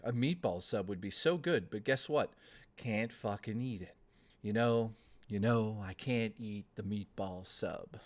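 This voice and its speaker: A man chatting casually on a livestream, ranting in a profane, excitable way and jumping from topic to topic. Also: lowish voice. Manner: jumps topic to topic.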